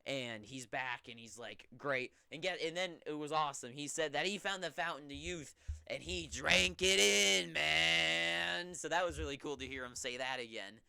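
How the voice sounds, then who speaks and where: A young man hosting a wrestling recap, talking in a casual, rambling, offhand way with sudden excited bursts. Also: medium pitch, a little fast, hardly any pauses, clear, resonant tone, no room sound.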